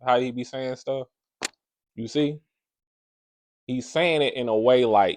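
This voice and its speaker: A man reacts to a clip in a casual, slangy, conversational way, animated as he explains. His voice sits in a dry, close recording. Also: medium pitch, a little slow, pauses often, no room sound. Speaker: commentator.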